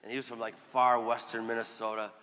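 A man's voice: mid-range voice, completely flat delivery, fast talker, sharp tone. A male Catholic priest preaching a sermon, telling a story conversationally and voicing the people in it. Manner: storytelling with voiced quotes, conversational. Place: church. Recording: long church reverb.

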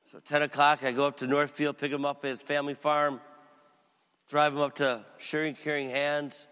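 Middle-aged male pastor, bright, slightly high voice, long church reverb, story-driven sermon. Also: fairly even intonation, normal speed, clear, resonant tone. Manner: storytelling, swings from loud emphatic to quiet and low.

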